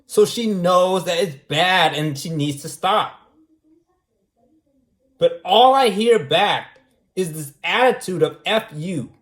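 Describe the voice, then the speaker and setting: Guy going on and on, kinda high voice, keeps saying right?, roomy echo. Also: expressive, slow, long pauses, a bit bright. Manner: repetitive, argumentative, keeps asking "right?". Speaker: vlogger. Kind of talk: casual monologue. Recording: echoey room.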